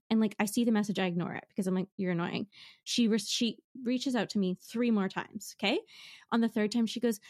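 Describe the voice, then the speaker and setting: Quick-talking woman telling a story. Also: medium pitch, a little mellow. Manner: quick, swearing, laughing storyteller. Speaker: podcast co-host. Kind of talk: casual chat.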